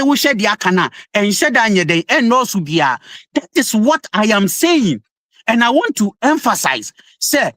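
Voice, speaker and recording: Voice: mid-range voice, fairly bright tone, no room sound. Insistent Ghanaian-accented opposition spokesperson. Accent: Ghanaian English. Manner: insistent, emphatic, code-switching mid-sentence. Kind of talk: heated political debate.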